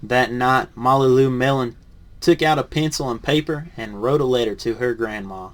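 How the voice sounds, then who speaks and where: A man, a teacher in training, reads a picture book aloud with lively rises on the punchlines, then reviews it softly and hesitantly. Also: mid-range voice, moderate pace. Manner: lively storybook reading, rising on punchlines, then soft and hesitant when reviewing.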